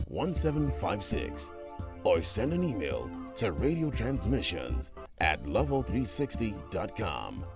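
A man reading a scripted radio announcement in a measured announcing manner. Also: low voice. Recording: clear music bed under voice.

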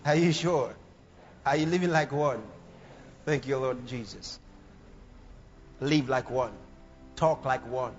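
A man preaching a fervent sermon, with bursts of shouting and acted-out quotes. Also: mid-range voice, slow pace, long pauses, soft background music. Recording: dull, echoey hall recording.

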